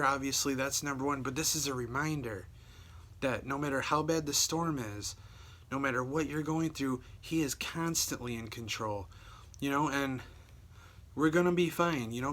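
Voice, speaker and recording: A man's voice: mid-range voice, a bit bright. A man giving a casual video sermon. He reads scripture aloud, then talks in a loose, conversational way, often repeating words and adding "right?" and "you know". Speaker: preacher.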